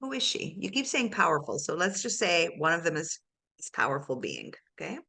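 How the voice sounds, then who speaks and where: Bright-voiced woman coach asking probing questions. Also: lowish voice, very animated, fairly quick, vocal fry, breathy edge. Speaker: life coach.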